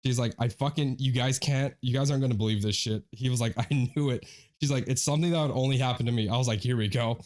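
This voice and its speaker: Medium in pitch and fast in pace, this young man's voice comes from a podcast where he's a co-host. He tells a story casually and with energy, quoting his friends in their own voices and cursing frequently.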